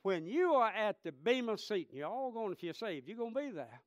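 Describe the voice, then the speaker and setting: A man in his thirties, a pastor, preaching a sermon and telling stories, swinging between impassioned shouts and hushed tones. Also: high-pitched, sing-song, a little fast, dry recording, clean studio sound. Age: 30s.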